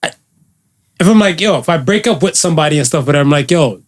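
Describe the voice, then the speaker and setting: A male podcast co-host with a somewhat raised pitch who tells stories in a relaxed, joking way. His delivery is loose and conversational. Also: quick pace. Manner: laid-back storytelling, joking. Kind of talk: casual podcast chat.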